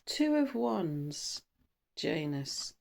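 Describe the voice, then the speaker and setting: A woman's voice: sits low, big pitch swings, drawn-out words, vocal fry, a little mellow, slight background noise. A woman giving a casual tarot reading, chatty and rambling, trailing off and restarting, with caffeinated bursts of speed. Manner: buzzy from coffee, bursts of speed. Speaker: tarot reader.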